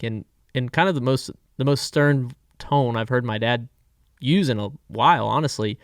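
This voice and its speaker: Guest driver: man in his thirties from Florida, candid and relaxed, mid-pitched voice, dry close mic. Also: moderate pace, dry recording. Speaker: guest race car driver. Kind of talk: casual storytelling.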